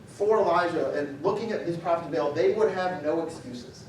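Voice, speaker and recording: In a reverberant church sanctuary, a male pastor preaches animatedly in a fairly high voice at a moderate pace, barely pausing. He dramatizes the story and raises his voice for quoted lines; the mic sits at a distance and there's slight background noise.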